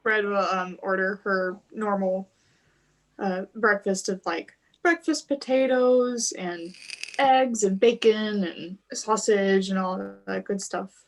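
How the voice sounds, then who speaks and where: Una jugadora que narra a su personaje en una partida de rol de mesa. Habla despacio, relajada y cariñosa. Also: female voice, medium pitch, steady tone, slow. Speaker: player. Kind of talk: tabletop role-play narration.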